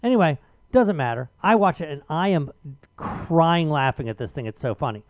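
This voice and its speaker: A radio host man tells a heated story in a high, restless voice. His pitch leaps all over as he argues his case. The sound is dry and close. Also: normal speed, no room sound. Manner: animated, argumentative storytelling. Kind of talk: casual chat.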